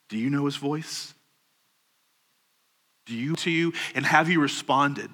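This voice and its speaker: A man preaching a sermon, earnest and measured, slowing down on key phrases and rising into urgent questions. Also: mid-range voice, pushed and bright. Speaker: pastor.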